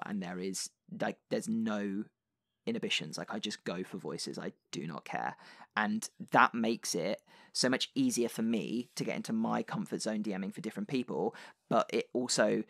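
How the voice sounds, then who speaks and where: A man with a low, gravelly voice talks casually on a podcast, full of fillers and restarts. His voice sounds dry and close, with no room around it. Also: a bit bright, dry recording. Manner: chatty, many fillers and restarts. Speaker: podcast host and dungeon master.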